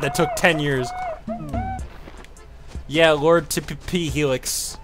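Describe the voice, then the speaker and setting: A young man giving casual, profane commentary while streaming a game, with frequent loud outbursts. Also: a little high, steady tone, very slow, pauses often, music in the background. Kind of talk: casual live gameplay commentary.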